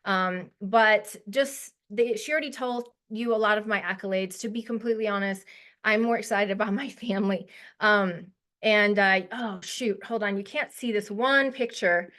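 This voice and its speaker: A woman's voice: mid-range voice, normal speed, fairly bright tone. Woman in her 40s on a video call, guest speaker, chatty and emotional, lots of ums. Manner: emotional, heartfelt, chatty with many fillers. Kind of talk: casual presentation to a webinar audience.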